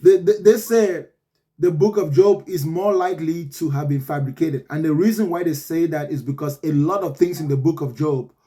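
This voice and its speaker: A man hosting a casual podcast chat, arguing his points in animated, rhetorical storytelling. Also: a little high, normal speed. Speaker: podcast host.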